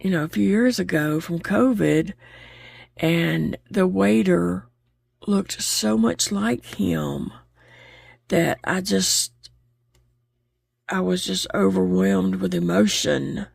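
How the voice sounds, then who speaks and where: A woman's voice: on the low side, slow pace, creaky, pauses often, slightly rough, dry recording, studio quality. A woman chatting openly while she crochets, laughing easily as she talks. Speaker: crochet vlogger. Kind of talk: casual chat while crocheting.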